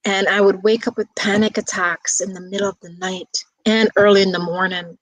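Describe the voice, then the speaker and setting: A woman guest speaking in a soft, reflective way, talking casually with a few restarts and fillers. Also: mid-range voice, fairly even intonation, a little fast, no echo, poor audio. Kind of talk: casual conversation.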